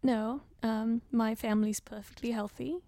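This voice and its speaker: A woman's voice: a little high, flat delivery, normal speed, mellow, no room sound. A woman playing a tabletop role-play game who speaks in a hesitant, polite way and uses many fillers. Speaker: player.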